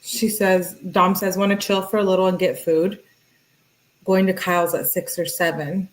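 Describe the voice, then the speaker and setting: A woman's voice: lowish voice, level tone, moderate pace, poor audio. A woman casually reading text messages aloud and adding her own comments, chatting with her viewers as she goes. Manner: reads messages aloud and chats with live viewers. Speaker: true crime commentator.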